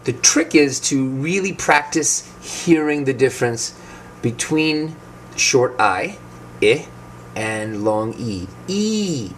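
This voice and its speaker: A man, an English speaker, explaining vowel sounds slowly and clearly as a pronunciation teacher. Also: medium pitch, a little hiss or hum. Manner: tells anecdotes, acts out quoted people.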